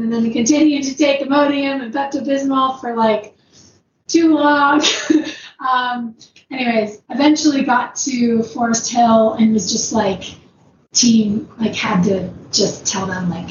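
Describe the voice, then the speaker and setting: A guest ultrarunner with a slightly high voice and normal speed tells a long personal story casually, wandering off track and using many fillers and "like"s while laughing often. Her recording is roomy, distant and dull, with a noisy background.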